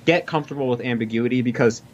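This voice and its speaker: A man talking casually in an interview about learning a language, quick and full of fillers and restarts. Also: medium pitch. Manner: fast, filler-heavy, restarts often. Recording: dull lo-fi audio.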